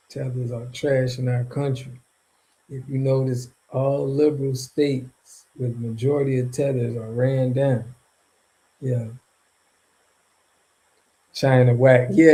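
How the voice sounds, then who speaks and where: A man's voice: medium pitch, mellow, poor audio. A man hosting a casual livestream, talking back to his chat in a loose, slangy, rambling way with frequent laughs. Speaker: streamer and channel host.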